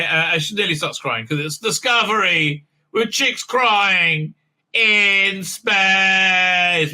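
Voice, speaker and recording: Sharp-voiced sarcastic male reviewer. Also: on the high side, poor audio. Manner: mocking, rambling with many fillers. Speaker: host and TV reviewer. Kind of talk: sarcastic casual recap.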